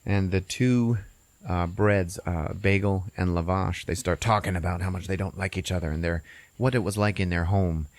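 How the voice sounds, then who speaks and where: Male podcast host, low voice, profane animated storyteller. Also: moderate pace, no room sound. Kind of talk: casual movie recap.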